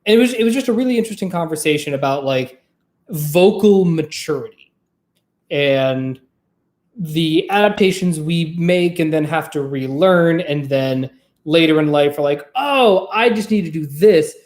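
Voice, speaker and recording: A vlog host and trained former opera singer, chatting casually to camera in a rambling, profane, lively way. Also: medium pitch, moderate pace, roomy sound.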